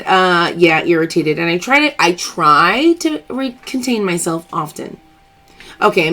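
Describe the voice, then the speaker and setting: A woman's voice: fairly low pitch, fairly bright tone. A woman hosting a live stream, chatting openly and emphatically as she answers viewer comments. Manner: chatty and emphatic, open about personal matters.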